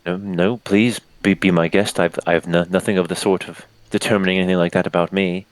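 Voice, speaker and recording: A man's voice: low voice, little pitch movement, fairly quick, no echo, close to an everyday voice, low-quality recording. A man voicing a nervous, sweaty middle-aged male doctor who stammers and hesitates.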